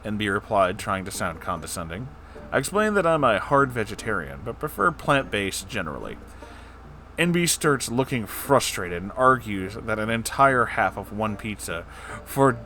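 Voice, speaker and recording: Sarcastic low-voiced man reading stories. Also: pushed and bright, a little hiss or hum. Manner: sarcastic, joking asides. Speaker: story reader. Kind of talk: comedic story reading with commentary.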